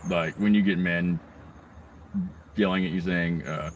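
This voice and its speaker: Speaking low and steady at a slightly slow pace, a video blogger rants angrily on his own channel amid slight background noise. The talk rambles, is packed with heavy swearing and includes mocking asides.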